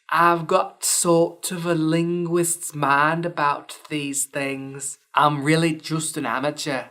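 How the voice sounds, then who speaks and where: A woman's voice: low-pitched, a bit bright. A woman podcast host giving a scripted explainer lesson, with dry, wry asides between points.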